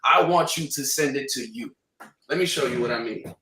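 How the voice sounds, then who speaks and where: A man from Canada talking casually on a trading livestream panel, animated and slangy, repeating points for emphasis. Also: mid-range voice, moderate pace, reverberant, recorded from a distance.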